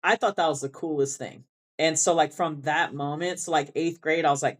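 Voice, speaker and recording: A woman's voice: deep voice, steady tone, normal speed. A woman band director with a South Texas Rio Grande Valley accent, chatting as an interview guest. She rambles with many restarts and laughs often. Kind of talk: casual interview chat.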